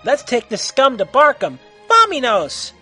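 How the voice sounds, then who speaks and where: A man's voice: very high voice, huge pitch swings, measured pace, husky, soft background music, voice pushed up, exaggerated voice. A man voicing a gritty, hot-tempered female vigilante hero who barks threats in an amateur audio story. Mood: angry. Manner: shouting, barking threats.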